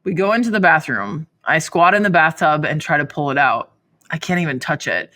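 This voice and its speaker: Woman, low-ish voice, animated storytelling, casual podcast chat, reads a listener story. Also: fairly quick. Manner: animated storytelling with frequent laughs. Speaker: podcast co-host.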